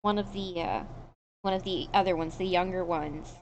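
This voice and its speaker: A woman's voice: fairly low pitch, steady tone, normal speed, muffled recording, a little hiss or hum. A woman running a tabletop game as game master, describing scenes plainly.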